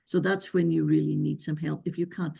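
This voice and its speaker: Gravelly, husky woman giving earnest advice. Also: low-pitched, little pitch movement, a little fast, mellow. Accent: non-local accent. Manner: earnest, repetitive, emphatic advice. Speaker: visa expert answering questions. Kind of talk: webinar Q&A advice.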